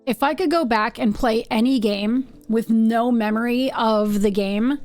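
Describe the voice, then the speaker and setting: A woman's voice: a little high, a little slow, darkish tone, faint music behind. A woman streaming a game live, chatting playfully with viewers and reading game text aloud.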